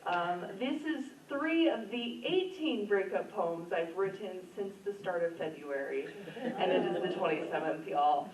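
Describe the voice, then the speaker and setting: A woman's voice: lowish voice, lively intonation, measured pace, crowd noise. A woman reading her own poems at an open mic in a library community room, in an earnest, emotional voice. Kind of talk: poetry reading. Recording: roomy, distant, dull room sound.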